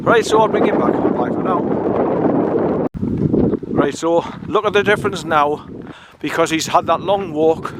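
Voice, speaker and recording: A man's voice: on the high side, a little slow. A man talking casually while walking his dog on a woodland trail, chatty and rambling, with a coaxing voice for the dog. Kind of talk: casual walk-and-talk narration. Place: outdoors on a woodland trail by a stream. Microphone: handheld camera mic. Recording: loud wind noise on the mic.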